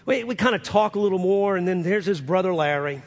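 A male pastor telling a story as part of a sermon, earnest and building to loud, fervent peaks. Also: sits high, expressive, a little fast. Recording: long hall reverb.

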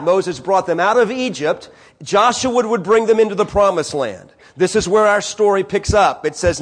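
A man preaching a sermon, reading scripture aloud and pressing his points with emphatic repetition, dropping low and then rising again. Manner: emphatic, repeating phrases and swinging from hushed to raised.

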